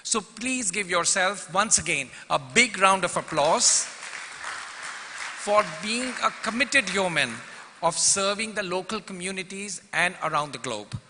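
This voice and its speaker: A man's voice: high-pitched, expressive, measured pace, a crowd in the background, noisy background. A man, a club president giving a formal welcome address and reading prepared remarks. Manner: formal, lists dignitaries, reads prepared remarks. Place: large convention hall. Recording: long reverb from a large hall.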